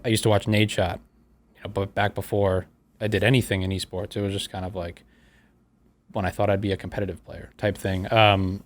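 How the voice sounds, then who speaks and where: A young American man hosting a casual podcast chat, relaxed and rambling, with lots of fillers and restarts. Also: fairly low pitch. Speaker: podcast host.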